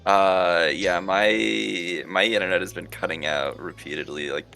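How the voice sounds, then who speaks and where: A man playing in an online tabletop game who mumbles and trails off. His voice is very deep and gravelly, yet bright in tone. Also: steady tone, unhurried, faint music behind. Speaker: player. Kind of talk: casual game chat.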